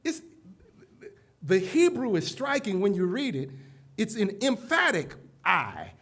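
A man preaching a keynote sermon to a live conference audience, emphatic and direct, moving from hushed asides to loud calls. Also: sits high, very animated, measured pace. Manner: addresses the audience directly, repeating "listen carefully".

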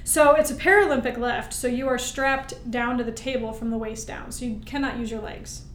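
A woman guest, a military veteran, telling her story in an animated, emphatic way and often checking in with "right?". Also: a little high, moderate pace, slight background noise. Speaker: interview guest, military veteran and Paralympic-style powerlifter. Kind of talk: storytelling in conversation. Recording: roomy echo.

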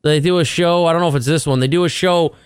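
A man's voice: fairly high pitch, fast talker, smooth, dry recording, studio quality. A man co-hosting a morning radio show, joking around and riffing in casual banter. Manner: jokey, animated, cracks bits.

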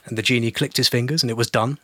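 A man's voice: medium pitch, steady tone, fast talker, pushed and bright, dry recording, clean studio sound. A man, a podcast co-host, telling a long shaggy-dog joke in casual chat and acting out the characters' lines.

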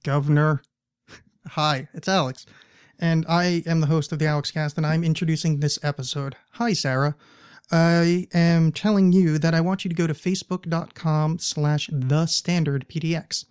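A man's voice: on the high side, fairly even intonation, moderate pace, darkish tone, clean tone. A man hosting his podcast, rambling through plugs and announcements with jokey asides. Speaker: podcast host. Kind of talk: casual podcast intro with plugs. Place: Portland, Oregon.

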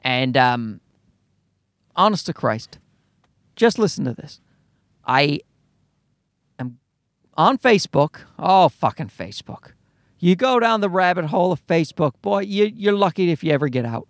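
A comedian from Newfoundland with a Newfoundland accent, rambling through a profane, self-mocking solo podcast monologue. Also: male voice, on the high side, very animated, a little slow, pauses often, dry recording, studio quality.

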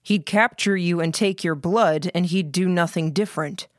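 A woman reading the lines of a cold, calculating male commander in a flat, measured way. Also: lowish voice, no echo, studio quality, lightly acted.

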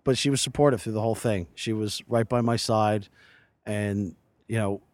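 A man's voice: lowish voice, fairly even intonation, moderate pace, a little mellow, dry recording. A man in his forties, a podcast guest recorded outdoors by a lake, talking in an earnest, rambling way with many restarts. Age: 40s. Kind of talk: casual interview chat.

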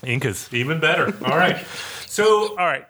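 A man hosting a podcast in a casual, chatty way, joking with his co-hosts and making quick asides. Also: a little high, lively intonation, pushed and bright, slight background noise. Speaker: podcast host.

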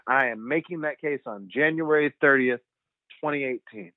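A young man telling rambling, animated stories as a guest over the phone, laughing often. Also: medium pitch, moderate pace, dry recording. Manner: animated, rambling storyteller who laughs a lot. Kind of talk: phone interview storytelling. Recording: tinny dry phone line.

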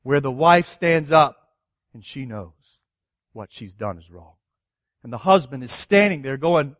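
A man's voice: on the high side, animated, unhurried, no room sound, clean studio sound. A man preaching a sermon, reading scripture and asking his listeners earnest rhetorical questions. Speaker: pastor.

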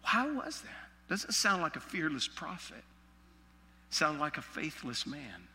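A pastor from Alabama with a Southern accent, preaching a sermon with folksy, joking asides. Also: male voice, on the high side, big pitch swings, unhurried, pushed and bright, big-room sound, slight background noise.

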